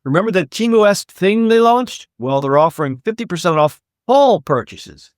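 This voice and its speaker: A man's voice: sits high, lively intonation, moderate pace, clear, resonant tone, dry recording, clean studio sound. A man co-hosting a retail news podcast, reading the stories with wry, sarcastic asides in casual chat. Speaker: podcast co-host.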